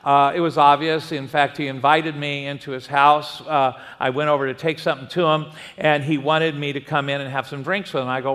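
A man's voice: fairly high pitch, moderate pace, hardly any pauses, a bit bright, long reverb tail. A man preaching a sermon as pastor, conversational and telling personal stories.

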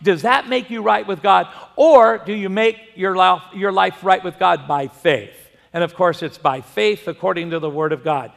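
A male pastor with a high, gravelly voice delivers a sermon in a church. He tells stories in a folksy way and puts questions to his listeners. Long reverb from the hall trails each phrase. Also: moderate pace, a bit bright. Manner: folksy storyteller, asks the congregation questions. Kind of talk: sermon with storytelling.

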